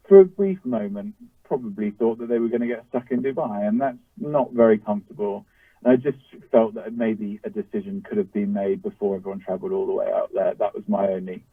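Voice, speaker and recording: A man with a lowish voice tells a story in an interview, his talk full of fillers and self-corrections. He sounds thin and phone-like, set back from the mic in a dry space. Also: breathy edge, no echo. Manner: rambling, many fillers and restarts. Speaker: racehorse trainer. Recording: tinny phone-like line, distant from mic.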